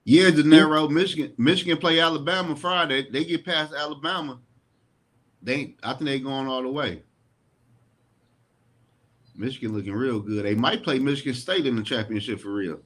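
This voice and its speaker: A man's voice: mid-range voice, moderate pace, a bit bright. A man co-hosting a casual sports podcast, chiming in with short, slangy remarks. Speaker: podcast co-host.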